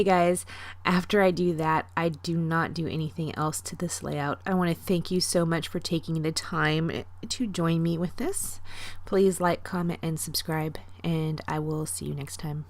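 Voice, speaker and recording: Low-voiced woman, chatty craft voiceover. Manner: chatty, self-deprecating, rambling. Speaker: scrapbooking vlogger. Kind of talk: casual voiceover narration.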